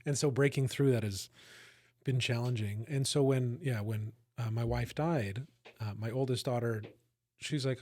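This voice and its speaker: A man's voice: medium pitch, normal speed, a little mellow. A man co-hosting a podcast, talking in an earnest, reflective way and often checking in with his listeners. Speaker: podcast co-host. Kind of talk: casual conversation.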